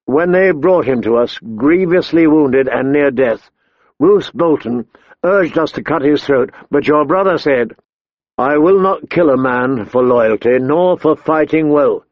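A man's voice: fairly high pitch, lively intonation, a little slow, no echo. A stern, principled lord speaks firmly and without haste, as a man voices him in an audiobook. The sound is dry and close, slightly dull. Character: stern honorable male lord, blunt and principled. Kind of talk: audiobook character voice.

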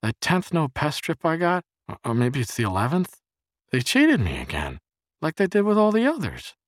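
A man voicing a frantic, paranoid adult man who has gone days without sleep, yelling and rambling in a strained voice. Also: huge pitch swings, normal speed, no room sound, studio quality. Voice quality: strained, shouting high voice.

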